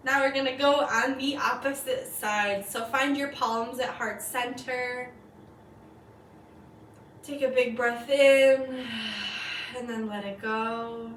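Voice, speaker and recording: Woman, yoga teacher, slow calm cues, somewhat high voice, echoey room, distant mic. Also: a little hiss or hum. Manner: slow, calm cueing of breath and poses. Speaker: yoga instructor. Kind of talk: guided yoga class.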